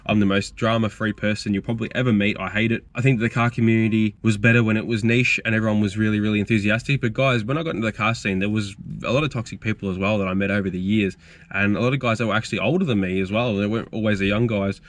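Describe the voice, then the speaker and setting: A man's voice: on the low side, steady tone, quick pace. A young man, hosting a car channel and telling stories in a casual, rambling, frank Q&A vlog. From Australia. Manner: rambling, frank, storytelling with fillers.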